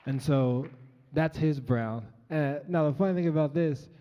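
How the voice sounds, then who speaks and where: A man's voice: fairly high pitch, normal speed, some chatter behind, a little hiss or hum. A young man from Colorado telling a personal story live on stage, earnest and conversational with frequent ums, through a stage microphone. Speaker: featured storyteller. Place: large event hall, on stage. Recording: dull, echoey live hall recording.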